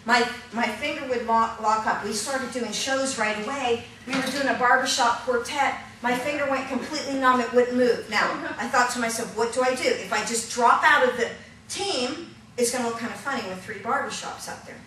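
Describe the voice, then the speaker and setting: A woman's voice: fairly high pitch, moderate pace, bright, forceful tone. Upbeat woman teaching in an echoey hall. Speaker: puppetry instructor. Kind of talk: hands-on workshop teaching. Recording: echoey room from a distance, noisy.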